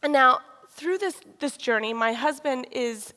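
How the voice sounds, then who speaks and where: A woman, sharing a candid personal testimony with pauses and restarts. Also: sits high, lively intonation, bright, forceful tone. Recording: long reverb of a large hall.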